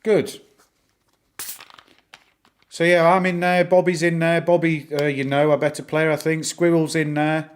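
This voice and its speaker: A man's voice: a little high, level tone, unhurried, pauses often, clear, resonant tone. A middle-aged man from northern England with a northern English accent, chatting casually with viewers on a live stream, rambling and full of fillers. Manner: chatty, rambling, answers chat, lots of fillers. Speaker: livestream host.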